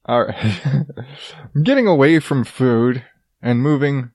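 A man's voice: mid-range voice, expressive, slow, darkish tone, no room sound, studio quality. A man in his thirties hosting a podcast, riffing sarcastically on odd news stories with lots of swearing and laughter. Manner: profane, sarcastic, laughs often. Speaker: podcast host. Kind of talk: casual comedic news commentary.

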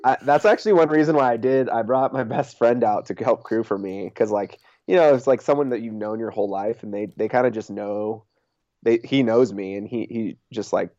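A young man chats easily in an interview, his voice sitting a little low and sounding warm and dark. He leans on filler words and laughs often. The recording is dry and somewhat muffled. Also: fairly quick, no room sound. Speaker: interviewed race champion. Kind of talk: casual interview chat.

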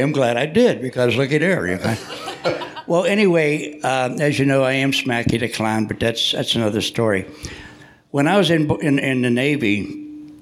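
An older man, a Navy veteran, telling jokey stories live to an audience in a church hall. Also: medium pitch. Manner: jokey, punchline-driven, chatty with the audience. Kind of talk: joking live storytelling.

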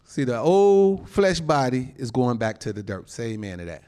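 A male pastor preaching a sermon in an animated, folksy way, laughing often and calling out to the congregation. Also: mid-range voice, normal speed, smooth. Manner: folksy informal phrasing.

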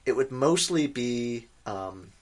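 A man's voice: medium pitch, lively intonation, takes it slowly. A man co-hosting a podcast in casual chat, joking and laughing often as he talks. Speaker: podcast co-host.

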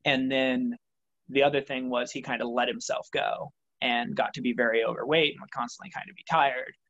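Speaking a little fast with fairly even intonation, a young triathlete answers questions on his motivation in a reflective, conversational interview. His medium-pitched voice has a fairly bright tone, though the highs are cut off, and he rambles thoughtfully with many fillers.

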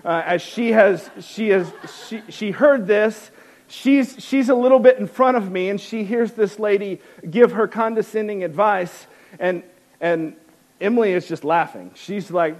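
A man's voice: high voice, unhurried. A man telling a wry, self-mocking personal story to an audience, with many restarts.

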